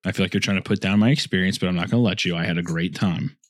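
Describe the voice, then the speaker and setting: A man's voice: low-pitched, racing, no room sound, clean studio sound. A young man co-hosting a podcast in casual banter, playful, swearing freely and laughing often. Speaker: podcast co-host.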